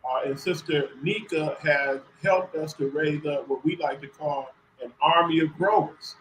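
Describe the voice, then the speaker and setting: A man being interviewed as a community organizer, talking in an earnest, measured way. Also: a little high, fairly bright tone, slight background noise, poor audio. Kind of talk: radio interview answer.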